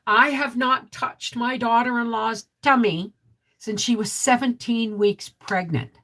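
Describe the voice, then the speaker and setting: A middle-aged woman with a deep, resonant voice, hosting a casual vlog live stream. She chats straight to viewers, reads their comments and keeps asking "right?". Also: measured pace, a bit bright. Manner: chatty, talks straight to viewers with frequent "right?". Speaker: homesteading vlog host.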